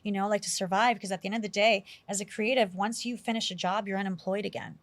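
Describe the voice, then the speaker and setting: A woman from New York City, an actress being interviewed, telling animated stories in a chatty way with lots of acted-out quotes. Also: medium pitch, quick pace, no echo. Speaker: actress guest. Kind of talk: casual interview storytelling.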